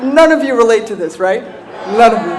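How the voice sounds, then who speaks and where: A woman giving a humorous recovery talk to an audience, animated and self-mocking, laughing often and checking in with "right?". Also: a little high, a little fast, background noise. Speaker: speaker sharing a recovery story.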